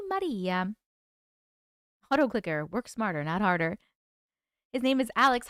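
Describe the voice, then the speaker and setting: A woman's voice: a little high, big pitch swings, measured pace, long pauses, fairly bright tone, no room sound, studio quality. A woman hosting a casual livestream chat, greeting viewers by name, reading their comments aloud and laughing often. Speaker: livestream host.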